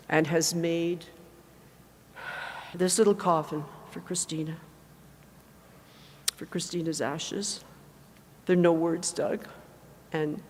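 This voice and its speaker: Older woman giving a halting eulogy. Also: lowish voice, darkish tone. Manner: halting, emotional, self-correcting. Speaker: eulogist, mother of the deceased. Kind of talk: memorial eulogy. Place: large aircraft hangar. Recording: long reverb in a large hangar.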